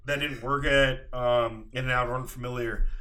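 A man's voice: medium pitch, steady tone, moderate pace, pushed and bright. A young man co-hosting a podcast in casual chat, cracking jokes and tossing in short reactions. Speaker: podcast co-host.

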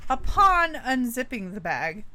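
A woman's voice: fairly high pitch, big pitch swings, slow, bright, forceful tone. A woman co-hosting a casual podcast and reading a spooky story aloud, playful and giggly. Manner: giggly, playful, breaks into laughter often. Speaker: co-host.

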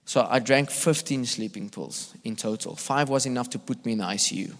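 A man's voice: medium pitch, brisk, hardly any pauses. A man, a visiting evangelist, preaching a sermon and telling his own story earnestly, with many emphatic repeats and restarts. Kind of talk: sermon with personal testimony. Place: church hall. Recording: echoey hall.

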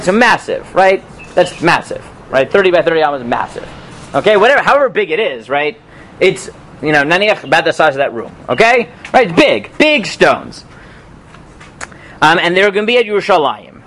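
A man teaching a Talmud class in a relaxed lecture style, often checking in with "right?" and "okay?", reading passages aloud and translating them. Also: fairly high pitch. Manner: animated, peppers talk with "right?" and "okay?"; reads and translates Hebrew and Aramaic text aloud. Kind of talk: informal lecture.

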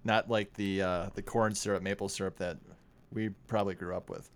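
Low-voiced Minnesotan man, relaxed. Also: a little fast. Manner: relaxed, thoughtful, many fillers like "like" and "you know". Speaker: co-host. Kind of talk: casual chat tasting sodas.

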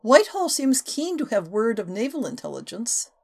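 A woman voicing a composed, quick-witted female spy with dry replies in an audiobook. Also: a little high, big pitch swings, vocal fry, darkish tone, pitched above the performer's own voice, exaggerated voice. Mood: guarded. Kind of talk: audiobook character voice.

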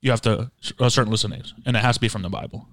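A man's voice: lowish voice, very fast, a bit bright. A man co-hosting a podcast, riffing and joking in casual comedic banter into a studio microphone. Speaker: podcast co-host. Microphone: dry studio microphone.

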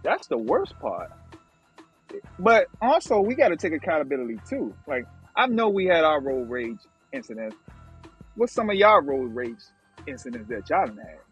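A man's voice: on the high side, normal speed, husky, soft background music. A man co-hosting a casual chat, talking expressively about driving. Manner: expressive, acts out quarrels with laughter. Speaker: podcast co-host.

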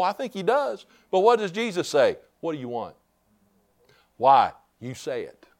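A man preaching a fervent sermon as pastor, building to shouts and calling out "Amen?" to the congregation. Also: high voice.

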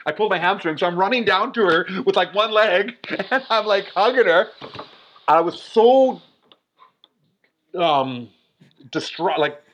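A man in his forties telling a story in a casual, animated way, full of "like" fillers. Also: high voice, unhurried, long pauses, a little hiss or hum. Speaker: guest. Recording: dull lo-fi recording.

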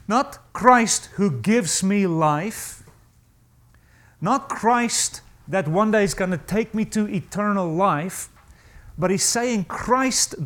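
This preacher, fairly high in pitch, delivers an emphatic sermon, posing rhetorical questions to his listeners and easing his pace to underline important phrases.

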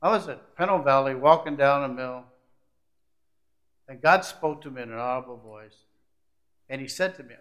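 This middle-aged man's sermon moves at normal speed with frequent pauses, his pitch medium. As pastor, he alternates loud, climactic moments with soft, intimate remarks.

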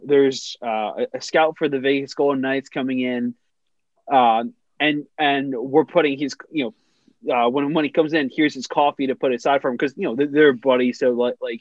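A man's voice: mid-range voice, dry recording, muffled recording. A young man casually telling a funny story on a podcast, rambling with many restarts and laughing as he goes.

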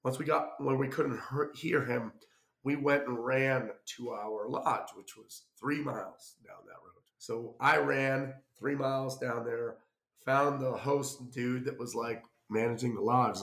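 A man spins a loose, chatty travel story, slipping into little acted-out quotes as he goes. His voice has a gravelly rasp at mid pitch. The room around him rings with a noticeable echo. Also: measured pace. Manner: rambling, animated anecdote with acted-out quotes. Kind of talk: casual storytelling. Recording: roomy echo.

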